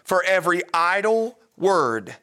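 A man's voice: sits high, measured pace. A man pastor delivering a sermon, telling stories and preaching with rising, emphatic energy. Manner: animated, rises to loud emphatic preaching.

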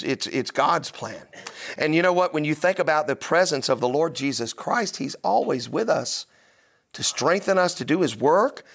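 A man pastor delivering a sermon, telling stories and preaching with rising, emphatic energy. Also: on the high side. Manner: animated, rises to loud emphatic preaching.

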